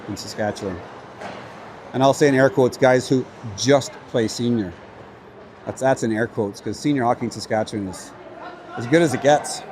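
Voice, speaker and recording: A man's voice: mid-range voice, noisy background. A man casually calling an amateur hockey game on a livestream, chatty and openly cheering for his team. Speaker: play-by-play commentator. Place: at a rink with a crowd.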